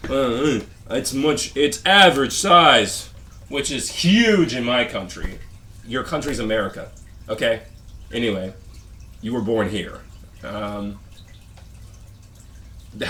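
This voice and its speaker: A man with a somewhat low voice rants his way through a casual vlog, stumbling over his words and starting sentences again and again. His tone is sarcastic and dismissive, and a faint background noise sits under the recording. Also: a bit bright. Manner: halting, rambling rant with frequent restarts. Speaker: vlogger. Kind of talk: rambling complaint vlog.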